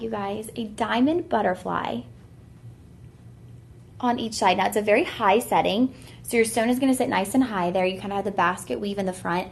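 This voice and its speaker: A woman's voice: mid-range voice, gravelly, echoey room. Gushing woman selling jewelry. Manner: gushing, chatty, says y'all a lot. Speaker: shopping channel jewelry host. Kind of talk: live-stream sales pitch.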